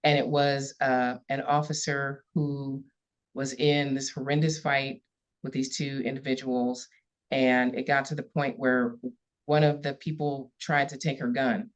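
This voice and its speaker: A woman with a very deep voice speaks unhurriedly with flat delivery. She's a police chief telling a story in a podcast interview, earnest and emphatic, repeating key words for weight and growing emotional, on slightly dull lo-fi audio.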